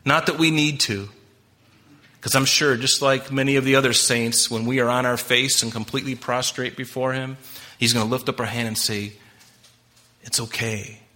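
A man's voice: medium pitch, steady tone, moderate pace, bright, forceful tone. A man preaching a sermon as pastor, emphatic and impassioned, talking straight to his congregation.

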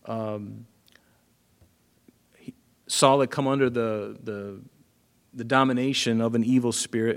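A male pastor giving a conversational sermon, telling a story with loud and soft stretches and casual asides. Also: mid-range voice.

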